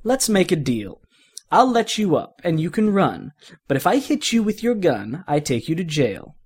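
A cocky male superhero with a husky voice, full of swagger and taunts, played by a man reading an audiobook. He talks louder and higher than the narrator around him. This is storybook acting, not a full character voice. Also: sing-song, normal speed. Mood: taunting. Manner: boastful, taunting. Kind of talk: audiobook fan fiction reading.

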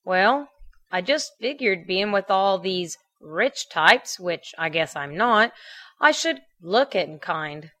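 A nervous, joking teenage boyfriend, read out by a woman in an audio fan fiction, hesitant and quick to put himself down. He stays in an easy, mid-range voice. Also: medium pitch, expressive, pushed and bright. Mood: wry. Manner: hesitant, self-deprecating.

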